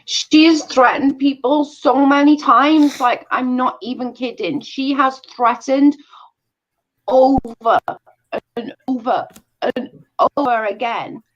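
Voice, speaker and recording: A woman's voice: high-pitched, takes it slowly. A woman hosting a casual commentary stream, exasperated and emphatic, repeating her points. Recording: dull lo-fi stream audio.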